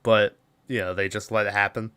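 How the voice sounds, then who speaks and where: Bright-voiced man recapping a movie. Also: fairly low pitch, a little fast, clean tone. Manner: animated retelling with laughs, acts out characters' lines. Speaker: podcast host.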